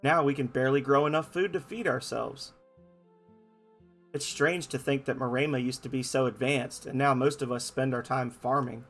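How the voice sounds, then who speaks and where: Playing through a game, a male host performs every character's lines in varied, playful voices and jokes about how he reads them. He speaks at a moderate pace in a mid-range, slightly bright voice with fairly even intonation, backed by soft music.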